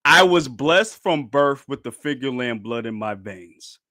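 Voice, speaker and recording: A man's voice: mid-range voice, expressive, unhurried, pushed and bright, no echo, clean studio sound. A man reading out a haughty young noble. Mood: dismissive.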